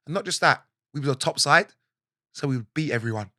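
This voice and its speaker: Animated South London man telling stories. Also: on the high side, fast, dry recording, clean studio sound. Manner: animated storyteller, acts out quotes, laughs often. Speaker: guest. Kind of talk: casual interview chat.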